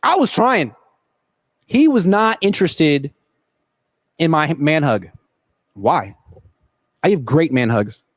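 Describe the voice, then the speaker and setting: Speaking slowly with long pauses and big swings in pitch, a man with a slightly high voice hosts a casual sports livestream at a football stadium. The sports reporter and host jokes and rambles through viewer questions into a laptop's built-in camera mic, with no echo.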